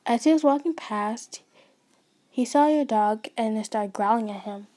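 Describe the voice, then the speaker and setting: Female narrator, casual fanfic reading; plain delivery, voice a touch high. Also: a little slow, warm tone. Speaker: storyteller.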